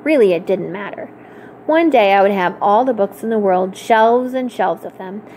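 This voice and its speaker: A woman reading a children's novel aloud for a library storytime, in an expressive, clear storytelling manner. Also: mid-range voice, moderate pace, a little hiss or hum.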